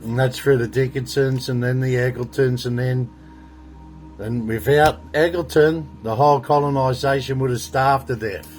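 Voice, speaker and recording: A man's voice: mid-range voice, fairly even intonation, moderate pace. Middle-aged Australian man, mid-range voice, indignant rambling monologue, faint music underneath. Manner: rambling, indignant ranting with swearing. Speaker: political commentator. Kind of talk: monologue to camera.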